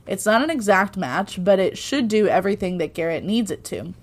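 A woman's voice: mid-range voice, animated, a little fast. A woman co-hosting a podcast, recapping an episode in a casual, chatty way with irreverent asides and frequent laughs. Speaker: podcast co-host.

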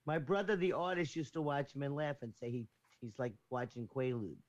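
A man's voice: medium pitch, a little fast. A man in casual chat who jokes and chats freely. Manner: joking, chatty. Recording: dull lo-fi sound.

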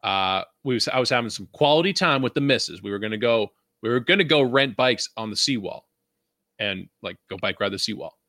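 A man's voice: fairly low pitch, lively intonation, fairly quick, bright, forceful tone, dry recording, studio quality. A young man from Vancouver hosting a podcast, ranting in a casual, profane, rambling way and laughing often. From Vancouver, Canada. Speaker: podcast host.

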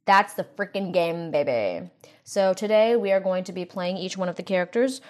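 A woman's voice: fairly low pitch, expressive, normal speed, a little mellow. A young woman co-hosting a podcast, chatting casually and running a comedy game. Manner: jokey, drives the segment. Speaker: podcast co-host. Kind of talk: casual chat.

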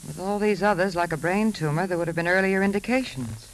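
An actress playing a sharp, inquisitive woman who writes for pulp magazines, talking in an insistent, probing way. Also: lowish voice, fast talker, a little hiss or hum, lightly acted, rough recording.

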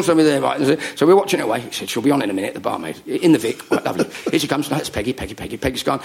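A middle-aged man telling comic stories to a live audience, animated and full of jokes and voices. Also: on the high side, very fast, vocal fry. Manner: animated joke-telling, does voices and laughs. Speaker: comedian guest.

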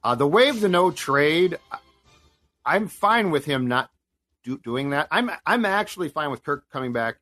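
A man's voice: on the high side, lively intonation, normal speed, fairly bright tone, faint music behind. A man co-hosting a casual sports talk show, giving his picks plainly with many restarts. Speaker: co-host.

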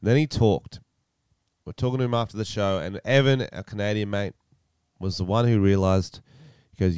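Joking Australian man with a smooth voice. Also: low voice, steady tone, normal speed, darkish tone, no room sound, studio quality. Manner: joking, rambling, does voices. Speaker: podcast co-host, comedian. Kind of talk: casual chat.

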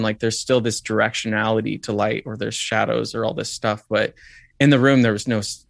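A man's voice: medium pitch, vocal fry, no room sound. A man as an interview guest, telling a personal story in a reflective way, with many "like"s and "um"s. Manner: reflective, lots of "like" and "um".

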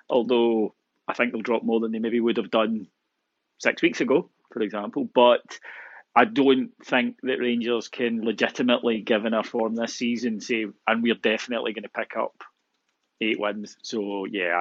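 A man speaking as a guest on a football podcast, measured and reasoned, getting animated at times. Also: medium pitch, no room sound, muffled recording. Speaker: podcast guest, fan pundit. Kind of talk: casual sports podcast chat.

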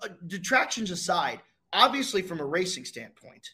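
A young man sits as a guest and tells his story the way a natural storyteller does. He builds drama, pauses for effect and pulls his listener along. His voice sits a little on the high side. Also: big pitch swings, pushed and bright. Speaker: guest, racing driver. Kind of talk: storytelling in a casual interview.

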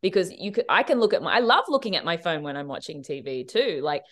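An Australian woman speaks in a fairly low voice, telling stories in a loose, animated way. She jumps between quick asides in a relaxed interview chat. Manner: animated storytelling with quick asides and frequent laughs. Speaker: TV director, guest. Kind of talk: casual podcast interview.

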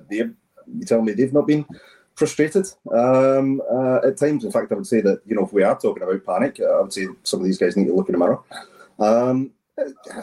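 A man talking in a measured, halting way with many fillers on a podcast. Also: medium pitch, warm tone, far from the mic, rough recording. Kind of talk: casual chat.

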